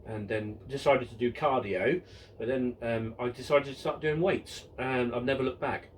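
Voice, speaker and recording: Bloke, 50s, channel host doing a loose viewer Q and A, self-mocking and full of ums, mic a bit distant with faint noise behind. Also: male voice, mid-range voice, moderate pace. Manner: jokey and self-mocking, many ums and restarts. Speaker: model railway channel host. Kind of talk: casual Q and A, reading out viewer questions.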